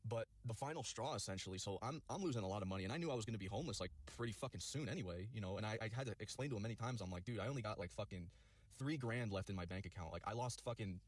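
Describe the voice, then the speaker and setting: A man telling a personal story in a rapid, rambling way, full of swearing and fillers. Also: lowish voice, no echo.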